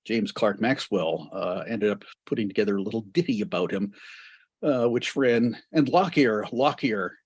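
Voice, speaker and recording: A man's voice: on the low side, normal speed, darkish tone, husky, no echo, muffled recording. A man giving an astronomy history lecture to a club, digressive and full of wry asides.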